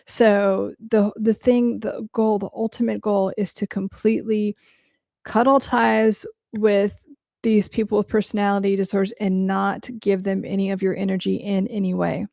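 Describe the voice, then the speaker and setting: A frank woman host talks through listener questions in a loose, conversational podcast style. Her voice has a steady gravelly creak, and she curses without a second thought. The sound is close and dry, with no room echo. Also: mid-range voice, moderate pace. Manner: blunt and frank, swears casually, heavy use of "like". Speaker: mental health podcast host who works with clients. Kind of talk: casual podcast talk answering listener questions.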